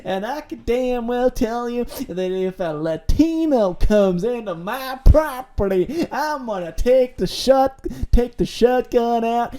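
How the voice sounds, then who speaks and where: A swaggering Southern redneck farmer with a shotgun, put on by a man in a joking podcast. He talks in a thick put-on Southern US drawl, brash and cussing, loud and a little raised in pitch. The delivery is unhurried and laid back.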